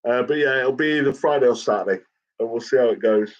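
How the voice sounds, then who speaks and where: A man's voice: medium pitch, quick pace, highs cut off. A man in casual, rambling chat with his viewers, swearing often and filling gaps with "like" and "um". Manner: rambling and sweary, with frequent fillers. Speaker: livestreamer chatting with viewers.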